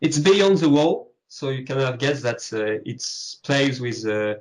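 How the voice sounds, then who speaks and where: Slow-talking French man, halting English. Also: mid-range voice, animated, poor audio. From France. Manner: halting English, searches for words. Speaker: guest artist. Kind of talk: casual interview chat.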